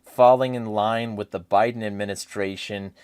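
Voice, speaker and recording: A man hosting a casual political chat, ranting in a rambling, profane and animated way. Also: on the low side, normal speed, clean tone, dry recording. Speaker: podcast host.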